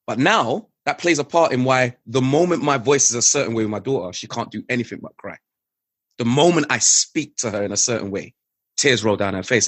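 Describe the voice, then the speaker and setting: Male podcast guest, middle-aged, husky and earnest, animated storyteller, dry close mic. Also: medium pitch, no echo. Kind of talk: candid conversation.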